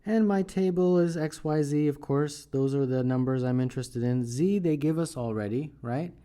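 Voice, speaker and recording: Mellow-voiced man tutoring math aloud. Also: a little high, normal speed. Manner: thinks aloud while working problems, often adds "right?".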